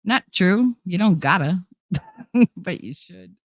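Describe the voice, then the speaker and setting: On her casual livestream, a woman chats with viewers in an animated, slow-paced way, swearing freely, laughing often and moving her voice up and down. A desk microphone gives studio-quality audio with no echo.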